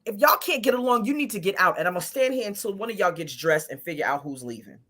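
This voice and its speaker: A woman from Brooklyn telling an animated story as a podcast guest, emphatic and blunt, acting out her own words. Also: medium pitch, quick pace. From Brooklyn, New York. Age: adult with a child. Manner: emphatic, blunt, quotes herself in lively asides. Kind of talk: casual chat, animated storytelling.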